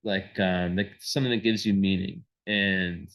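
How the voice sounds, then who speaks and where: A man's voice: deep voice, fairly even intonation, normal speed, vocal fry, fairly bright tone, rough recording. A man giving a casual astrology reading, rambling with many fillers and restarts.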